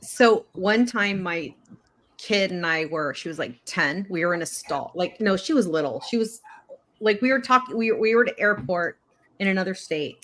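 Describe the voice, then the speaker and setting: A woman from California co-hosting a casual livestream, an animated, laughing storyteller. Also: medium pitch, moderate pace. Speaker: co-host.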